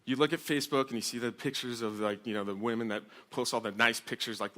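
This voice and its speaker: A man's voice: mid-range voice, fast talker. A young man, a pastor, telling a personal story in a sermon talk to a women's audience, acting out the voices in it. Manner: animated, acts out shouted quotes with laughter. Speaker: youth pastor.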